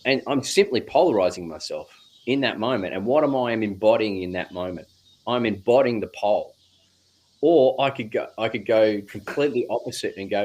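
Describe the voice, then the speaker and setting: A man, a guest speaking slowly and reflectively on spiritual ideas, with drawn-out phrasing and casual swearing. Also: medium pitch, lively intonation, darkish tone.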